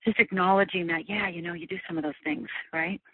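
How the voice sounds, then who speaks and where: A woman's voice: on the low side, fairly even intonation, fairly quick, husky, no echo. Earnest woman teaching over a phone line. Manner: earnest, repeats "right?" often. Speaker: guest teacher on fear. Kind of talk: teleclass talk. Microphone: telephone.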